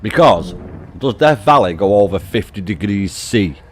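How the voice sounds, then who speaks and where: A man's voice: lowish voice, lively intonation, moderate pace, slight background noise. A middle-aged British man chatting casually on a game stream, swearing and laughing a lot. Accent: British English. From United Kingdom. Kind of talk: casual live-stream chat.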